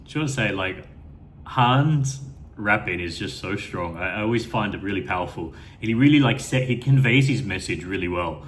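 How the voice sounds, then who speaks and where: A man's voice: lowish voice, expressive, normal speed, a little hiss or hum. A man giving an unscripted first-time reaction to a music video, rambling with enthusiasm and plenty of fillers and restarts.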